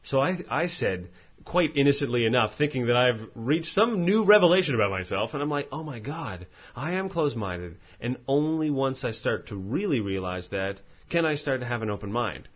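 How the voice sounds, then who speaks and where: A man's voice: medium pitch, animated, brisk, dull audio. A man hosting a podcast, chatting casually and reading listener mail aloud in a rambling, self-mocking way that often stumbles over words. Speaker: podcast host.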